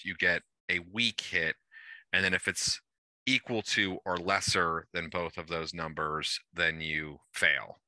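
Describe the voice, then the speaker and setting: A man organizing a tabletop game and explaining its rules in a relaxed, rambling way, often restarting as he thinks aloud, heard over an online call. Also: low-pitched, dry recording.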